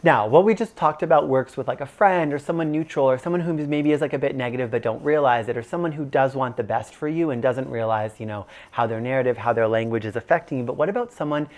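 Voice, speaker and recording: A man's voice: mid-range voice, fast talker, few pauses, darkish tone. A man in his thirties teaching an online course in a casual, conversational way, full of "like" and "you know". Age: 30s. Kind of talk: casual instructional talk.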